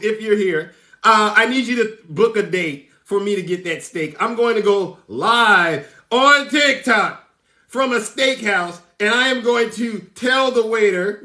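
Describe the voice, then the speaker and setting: A man's voice: high voice, pushed and bright, echoey room. A man hosting a livestream, reading out news with theatrical teasing, laughing often and greeting viewers by name. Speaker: livestream host. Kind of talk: live commentary reading news.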